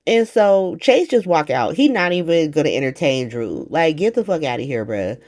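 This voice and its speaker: A woman with a fairly low-pitched voice recapping a soap opera in a casual vlog. She talks in a slangy, animated way and swears freely. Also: normal speed.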